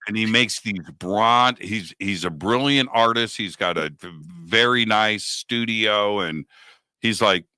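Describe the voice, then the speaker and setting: A man in his sixties hosting a talk show, telling a story in a lively conversational way and acting out the people he quotes. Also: fairly low pitch, a little slow, clean tone, dry recording. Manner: animated, acts out quoted dialogue. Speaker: radio show host.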